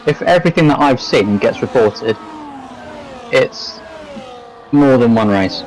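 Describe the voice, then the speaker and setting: Analytical male co-commentator, measured. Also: medium pitch, lively intonation, a little hiss or hum, poor audio. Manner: measured, analytical, calls out penalties. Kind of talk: live sim racing commentary.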